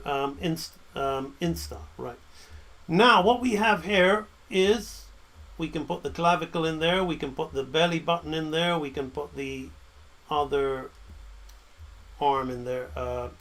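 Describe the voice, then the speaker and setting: A man teaching animation drawing, talking through each stroke as he draws and often checking in with "right?". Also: on the high side. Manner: talks while drawing, frequent "right?" checks. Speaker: animation instructor. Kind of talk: drawing tutorial narration.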